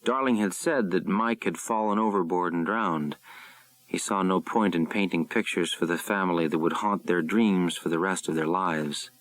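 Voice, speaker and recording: A man narrating a thriller audiobook in a measured, suspenseful way. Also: sits low, fairly bright tone. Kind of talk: scripted narration.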